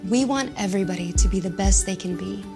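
A woman voicing a polished spa spokeswoman in a radio ad, smooth and reassuring. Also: medium pitch, fast talker, close to an everyday voice. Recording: music playing behind.

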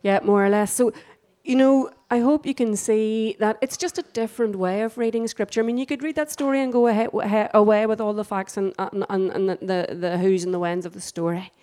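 A woman leading a church group reflection, gently prompting people to share and affirming them. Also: medium pitch, steady tone, a little fast, hardly any pauses. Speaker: prayer group leader.

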